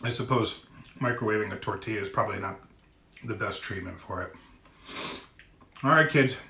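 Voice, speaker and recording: A man casually tasting and reviewing a microwave meal on his own channel, chatty and given to loud exclamations. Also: fairly low pitch, normal speed, pauses often, echoey room. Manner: chatty, exclaims loudly at hot bites. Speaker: food vlogger. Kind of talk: casual food review vlog.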